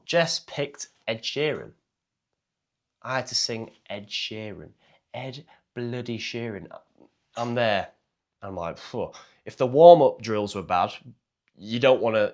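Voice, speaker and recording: A man, a speaking coach, talking straight to camera in a blunt, self-mocking way and swearing casually. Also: on the low side. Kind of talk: casual direct-to-camera talk.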